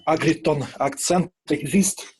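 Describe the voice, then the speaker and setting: Male student, slightly higher voice, slow, halting questions. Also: darkish tone. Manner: halting, repeating words. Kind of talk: asking questions on a video call.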